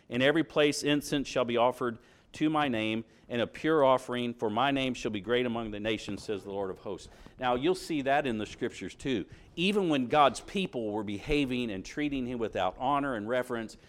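Speaking at a medium pitch, a middle-aged preacher delivers a sermon in which he reads from scripture and puts questions to his congregation.

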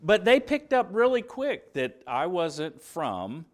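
Male preacher, southern Indiana roots, animated pitch, conversational sermon delivery. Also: slow pace, few pauses. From southern Indiana, USA. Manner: earnest, conversational preaching with fillers and restarts.

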